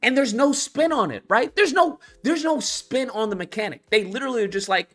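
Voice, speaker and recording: Profane ranting man, lively high voice. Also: fairly quick. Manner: profane, heated ranting with many restarts. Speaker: commentary channel host. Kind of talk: ranting game commentary.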